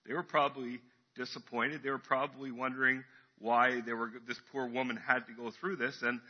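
A man's voice: medium pitch, level tone, a little fast, lo-fi sound. A man preaching a casual, chatty sermon in church, acting out crowd voices as he tells the story.

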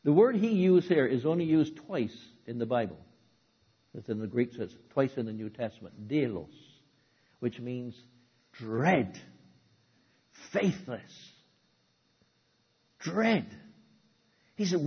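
A man preaching a sermon, who swings from loud, dramatic outbursts to low, hushed asides. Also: big pitch swings, slow pace, long pauses, slightly rough, highs cut off.

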